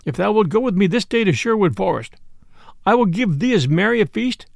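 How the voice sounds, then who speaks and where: A merry, shrewd outlaw chief, as a man puts him on in a storybook reading, full of quaint old-fashioned turns of phrase. The voice sits high and lively with a gravelly edge, heard dry and close. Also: brisk, no echo, full character voice. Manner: archaic, courtly old-fashioned speech. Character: jolly bold male outlaw leader, merry and shrewd.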